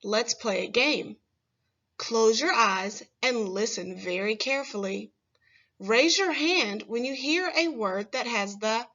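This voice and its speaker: Woman, primary teacher, fairly high voice, slow careful delivery, dull lo-fi recording. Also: expressive, pushed and bright. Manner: slow, clear, stressing single words for children to repeat. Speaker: first grade teacher. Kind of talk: phonics lesson for young children.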